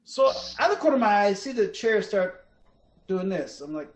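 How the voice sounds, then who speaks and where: Male podcast co-host, lively storyteller, slightly higher pitch, does the voices in his quotes. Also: a little fast. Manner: animated, acts out quotes, laughs often. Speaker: podcast co-host telling ghost stories. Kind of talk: casual storytelling chat.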